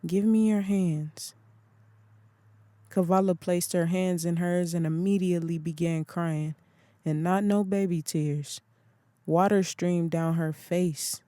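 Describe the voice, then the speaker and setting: Slow, mellow audiobook narrator. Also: medium pitch, fairly even intonation, dry recording. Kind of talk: scripted narration.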